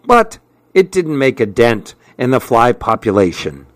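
Slow, measured man reading aloud. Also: mid-range voice, big pitch swings, dry recording. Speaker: host reading a novel aloud.

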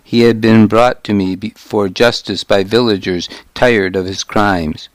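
A man reads a first-person historical novel aloud at a very unhurried pace, his voice pitched a little low. His delivery is measured and grave. The recording is close and dry, with no room sound. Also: steady tone, dry recording. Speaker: audiobook narrator. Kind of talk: scripted first-person narration.

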